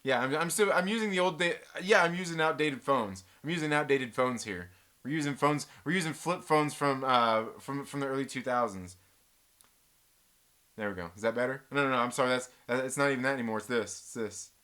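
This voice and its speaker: A man hosting a casual live-stream chat, reading viewer comments aloud and telling rambling, animated stories with restarts and mild cursing. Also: mid-range voice, a little fast. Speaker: host.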